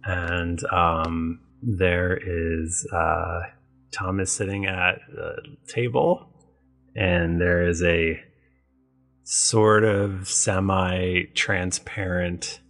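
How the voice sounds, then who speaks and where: A man narrating a tabletop game as game master, halting, with many fillers. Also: low-pitched, steady tone, a bit bright.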